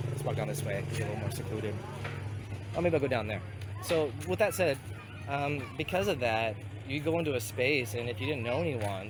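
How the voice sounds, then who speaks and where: Medium in pitch, this man has a head cold and walks outside through town to a river while vlogging, street noise clearly behind him. A vlogger and community founder, he speaks in a loose, rambling, conversational way, often correcting himself.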